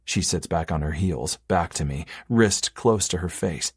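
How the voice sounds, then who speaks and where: Male narrator for a first-person romance audiobook, very deep and husky, with an intimate, measured read. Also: no room sound, clean studio sound.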